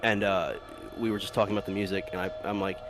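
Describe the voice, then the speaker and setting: A man's voice: sits low, little pitch movement, quick pace, music in the background. A man chatting casually while playing a game, rambling through stories with swearing and laughter. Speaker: gameplay commentator. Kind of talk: casual gameplay chat.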